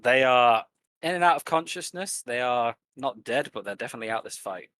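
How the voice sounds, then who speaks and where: A man running a tabletop game as game master, narrating the action in measured detail. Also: medium pitch, animated, a bit bright, low-quality recording.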